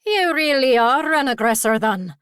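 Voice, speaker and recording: A woman voicing a feisty, cheeky male pixie with a squeaky voice, a hint of a Scottish accent and a taunting, sing-song way of talking. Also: expressive, normal speed, fairly bright tone, clear, resonant tone, dry recording, clean studio sound. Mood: defiant taunting.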